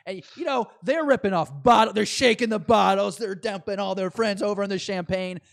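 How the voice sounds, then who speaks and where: A man co-hosting a podcast, chatting excitedly and rambling as an eager fan. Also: sits high, brisk, creaky, dry recording, studio quality. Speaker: podcast co-host. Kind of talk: casual chat.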